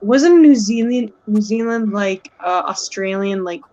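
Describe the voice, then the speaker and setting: A woman's voice: medium pitch, a little slow, warm tone. A woman in casual chat on a live stream, playful and teasing. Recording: dull lo-fi mic.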